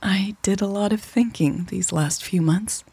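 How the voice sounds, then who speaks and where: A woman voicing a tender, affectionate young woman lover in a soft, breathy whisper. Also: medium pitch, a little slow, no echo, voice pushed up.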